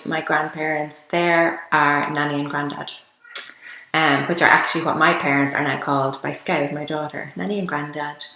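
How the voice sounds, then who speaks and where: An Irish woman in her thirties chats through a casual vlog, her accent a mix of Kildare country and Dublin. Her voice sits slightly low but sounds bright and forward, with frequent laughs and ums. The room around her is echoey. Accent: Irish, Kildare country mixed with Dublin. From Ireland. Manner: chatty, laughs often, lots of ums. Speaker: vlogger. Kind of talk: casual accent-tag video.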